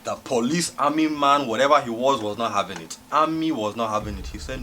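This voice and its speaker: A young man telling a comic storytime story on his vlog, animated and laughing as he goes. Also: mid-range voice, a little fast, a little hiss or hum. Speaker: vlogger.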